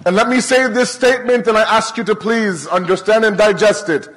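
A man's voice: sits high, fairly quick, a bit bright, poor audio. A man preaching a sermon as a preacher, retelling a sacred story with emotion and heavy repetition.

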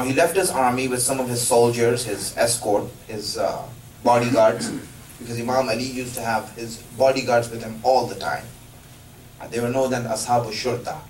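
A man's voice: mid-range voice, distant mic. Male preacher, sermon storytelling, filler-heavy, echoey room with faint noise. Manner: halting, filler-heavy narration with emphatic questions.

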